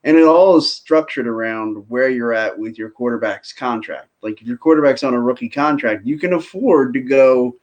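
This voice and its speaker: A man co-hosting a casual sports talk show, relaxed, telling stories and steering to the next topic. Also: medium pitch, moderate pace, few pauses. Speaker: sports podcast co-host. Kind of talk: casual chat.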